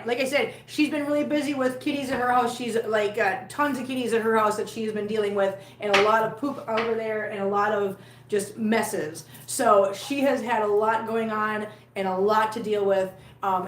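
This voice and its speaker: A woman's voice: medium pitch, fairly bright tone, echoey room, low-quality recording. A woman chatting casually on a live stream from home, laughing often and cooing at her cats. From Missouri, USA. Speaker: cat vlogger.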